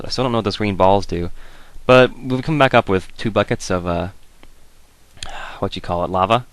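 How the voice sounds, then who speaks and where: Low creaky-voiced man narrating gameplay. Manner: rambling, wry, thinking aloud. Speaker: let's play host. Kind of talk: casual gameplay commentary.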